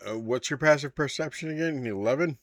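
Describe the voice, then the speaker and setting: A man narrating a tabletop game as dungeon master, in measured, unhurried narration. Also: medium pitch, a bit bright, dry recording, studio quality.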